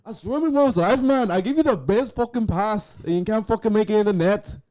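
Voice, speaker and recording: A man voicing a brash, swearing young English footballer in an exaggerated English accent, loud and blustering. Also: high voice, a little fast, voice pushed up, close to an everyday voice.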